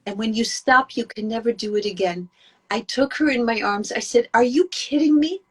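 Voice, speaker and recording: A woman speaking gives an inspirational talk, earnest and emphatic as she tells stories. Her voice sits a little high and has a soft, breathy edge. She delivers it with conviction. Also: normal speed. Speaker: Jewish women's speaker.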